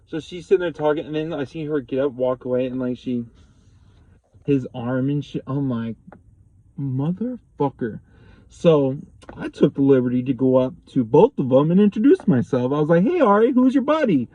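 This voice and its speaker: A young man casually telling a personal story to the camera, profane and rambling, getting animated when he quotes people. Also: mid-range voice, brisk, no echo, dull audio. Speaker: vlogger.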